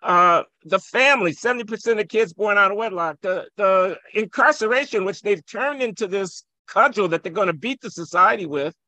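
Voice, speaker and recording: A man's voice: high-pitched, lively intonation, moderate pace, few pauses, no room sound. A man from Chicago, a guest economist on a podcast, arguing provocatively and insisting on finishing his point. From Chicago, USA. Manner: forceful, provocative, holds the floor. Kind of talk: impassioned podcast debate.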